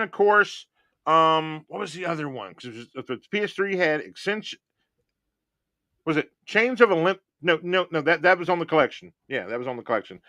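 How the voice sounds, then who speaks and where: A man's voice: fairly high pitch, pushed and bright, no echo, clean studio sound. A man hosting a casual gaming podcast, joking and rambling as he thinks aloud. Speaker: podcast host.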